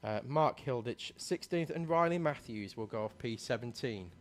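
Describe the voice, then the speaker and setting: A man's voice: mid-range voice, expressive, moderate pace, a little hiss or hum. A man giving live commentary on a kart race, reading out positions and talking with a co-commentator. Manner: reads out positions, lifts voice at race start.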